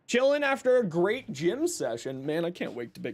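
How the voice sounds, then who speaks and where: Lively, chatty male streamer. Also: high-pitched, moderate pace. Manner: chatty, joking, talks to chat and his cat. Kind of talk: casual livestream chat while gaming.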